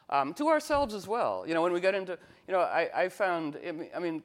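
A man teaching astrology in a casual talk, rambling with many fillers and restarts, acting out quoted voices with sudden jumps in pitch. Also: sing-song, fairly quick.

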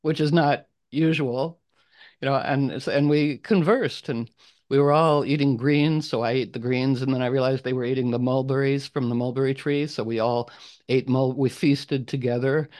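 A man's voice: mid-range voice, steady tone, normal speed, a little mellow. A man hosting an online group call, talking casually in a rambling, playful way and acting out little voices in his stories. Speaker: group host.

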